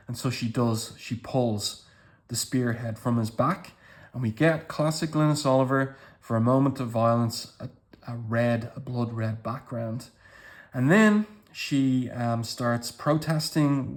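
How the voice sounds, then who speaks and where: A man's voice: mid-range voice, measured pace. A man giving casual commentary as he walks through comic book pages panel by panel, with appreciative remarks.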